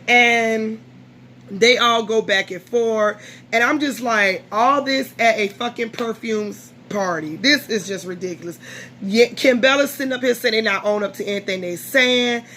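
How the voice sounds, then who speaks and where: A woman's voice: a little high, unhurried, slight background noise. A tired woman vlogger recapping a reality show in casual, blunt, profane chat, acting out what people said. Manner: blunt, profane, animated recap with quoted voices.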